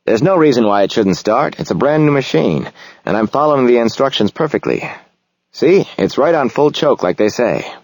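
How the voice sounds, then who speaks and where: A man's voice: mid-range voice, expressive, moderate pace, darkish tone, breathy edge, no room sound, voice pushed up. A male audiobook narrator voicing a puzzled, proud man who owns a motorcycle, defensive and plaintive.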